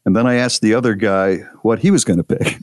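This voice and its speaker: Man, radio co-host, low voice, dry close sound, rambling, self-deprecating, casual banter. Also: dry recording. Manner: rambling, self-deprecating, stumbles over words. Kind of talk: casual on-air banter, reading listener posts.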